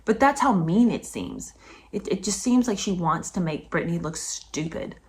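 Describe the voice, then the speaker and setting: A woman giving a casual commentary vlog as a book reviewer. She talks emphatically and indignantly, with sudden high-pitched outbursts. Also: very animated, moderate pace, slight background noise.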